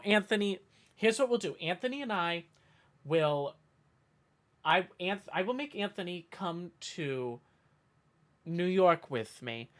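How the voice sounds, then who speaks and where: Streamer chatting w chat, rambly and playful, voice jumps all over the place, fake-offended bits. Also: mid-range voice. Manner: rambling, playful, with mock outrage and self-interruptions. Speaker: livestreamer. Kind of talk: casual stream chat with viewers.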